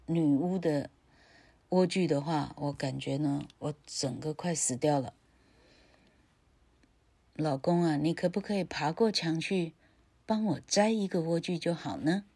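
A longing young wife from a storybook, read by a woman, pleading in a soft, hushed voice. Her low voice moves slowly and gently.

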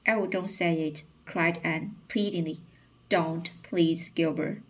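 A woman reading the part of an earnest, emotional young woman in a storybook, in a slow, halting way with restarts. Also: fairly low pitch, steady tone, slight background noise. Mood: pleading.

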